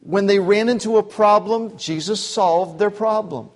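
A man's voice: sits high, measured pace. A man preaching a sermon in a conversational way, with asides and acted-out quotes. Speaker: pastor. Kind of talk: expository sermon.

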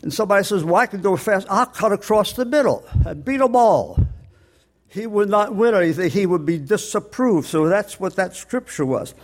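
An older man delivers a sermon in a notably high voice. He explains scripture patiently, step by step, and draws out the words he wants to land. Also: lively intonation. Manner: plain teaching tone, slows on key words, explains scripture step by step. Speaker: preacher.

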